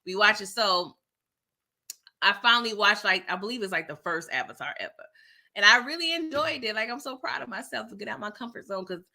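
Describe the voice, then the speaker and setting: A middle-aged woman, hosting a casual livestream chat and reading out viewer comments, animated and laughing often. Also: medium pitch, fairly quick, creaky.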